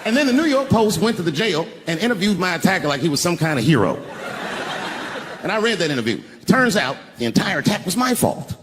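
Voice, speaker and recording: A male stand-up comedian telling a story on stage, dropping to a hush and then shouting the punchlines. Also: high-pitched, sing-song, fairly quick. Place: large theater stage with an audience. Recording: reverberant venue sound with crowd noise. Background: audience laughter.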